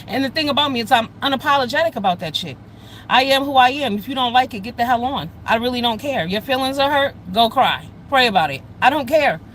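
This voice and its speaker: A woman ranting on a casual livestream, blunt, loud and profane, talking straight to her viewers. Her voice is bright and cutting, with faint traffic noise behind her. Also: on the high side, lively intonation, fast, low-quality recording. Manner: addresses chat viewers directly. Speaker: live streamer.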